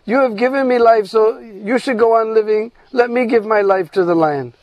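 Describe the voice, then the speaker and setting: A devoted young calf begs its mother to let it die in her place, as a man telling the tale puts it on. The voice sits high and earnest, with "no, no" pleas. The sound is dry and close. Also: normal speed, no room sound, lo-fi sound, natural voice. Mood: pleading. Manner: earnest, repeating "no, no".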